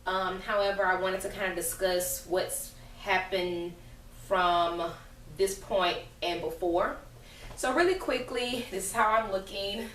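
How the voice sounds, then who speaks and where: A woman's voice: mid-range voice, measured pace, a bit bright, slight background noise. A young woman giving a casual pregnancy update vlog, nauseous and a little out of breath, chatty and rambling with many fillers. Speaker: family vlogger.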